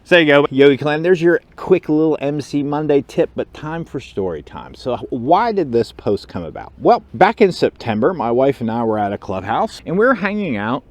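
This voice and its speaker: A man hosting his own channel, telling a story in a casual, animated way and acting out the other people in it. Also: fairly high pitch, normal speed, hardly any pauses. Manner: animated storyteller who acts out quotes and chuckles. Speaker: motorcycle club officer and channel host.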